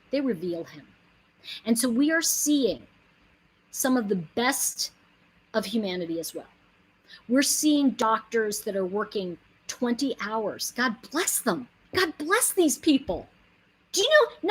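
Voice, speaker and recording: Husky earnest woman giving a pep talk. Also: on the high side, rough recording. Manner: earnest, emphatic, rambling with many asides. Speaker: inspirational speaker. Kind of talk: casual motivational monologue.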